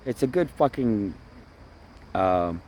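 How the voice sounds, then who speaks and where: A vlogger from the Toronto area, this man speaks in a somewhat low, slightly mellow voice, animated but slow, into a phone camera he holds himself by the water. His casual outdoor monologue rambles, swears freely and keeps circling back to the same points. Faint outdoor sounds add slight background noise.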